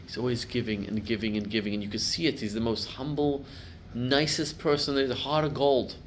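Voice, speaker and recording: A middle-aged man, a rabbi, giving a class to a live group, telling stories and building to loud emphatic peaks. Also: medium pitch, fairly even intonation, brisk, a little hiss or hum.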